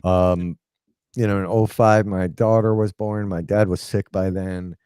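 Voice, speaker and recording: A man in his forties tells a personal story, rambling casually with lots of fillers and often slipping into quoted dialogue to act out what people said. His voice sits low, warm, clear and resonant, with fairly even intonation and a measured pace, recorded in a studio with no echo.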